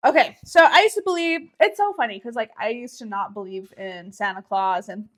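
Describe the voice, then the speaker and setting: A woman's voice: mid-range voice, a little fast. Casual young woman telling a story. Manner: casual storytelling with slang and swearing. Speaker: podcast co-host. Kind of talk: casual chat.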